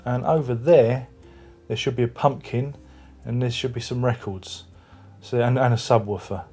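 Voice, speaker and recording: A man's voice: medium pitch, steady tone, moderate pace, a little mellow, soft background music. A man reviewing an album at home, chatting casually with lots of restarts. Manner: rambling, chatty, many restarts. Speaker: music review vlogger. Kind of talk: casual chat. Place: home room with record player and speakers.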